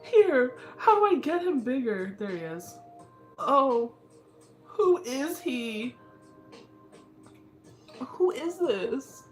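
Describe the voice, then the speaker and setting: A woman's voice: sits high, sing-song, extremely slow, pauses often, soft background music. A young woman hosting a casual livestream, laughing constantly and squealing her reactions. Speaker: livestream host.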